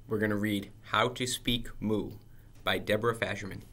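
A man reading a children's picture book aloud in a playful, animated way. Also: lowish voice, moderate pace. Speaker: storybook reader.

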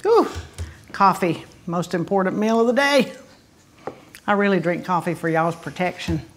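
A woman's voice: on the low side, animated, moderate pace, a little hiss or hum. A woman, a comic regular trading wisecracks in sassy banter. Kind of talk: comedic banter.

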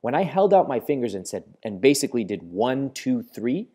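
A man hosting an instructional talk to camera in a studio, speaking expressively and deliberately slowing his delivery to make points. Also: mid-range voice, big pitch swings, warm tone. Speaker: host.

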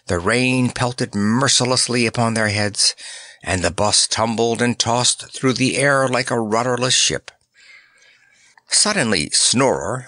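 Male narrator, audiobook, measured, expressive, bright tone, dry close sound. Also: medium pitch, dry recording.

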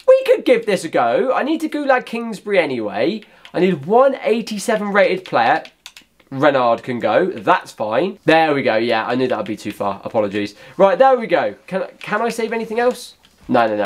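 A young man commentating on his own gameplay, talking to viewers in an excitable, chatty way and shouting at big moments. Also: on the high side. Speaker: gaming YouTuber.

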